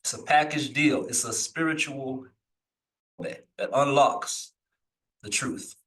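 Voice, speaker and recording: A man teaching a live lesson, reading old texts slowly aloud and then explaining them in loose, searching asides. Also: medium pitch, fairly bright tone, far from the mic, poor audio. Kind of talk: live recorded scripture lesson.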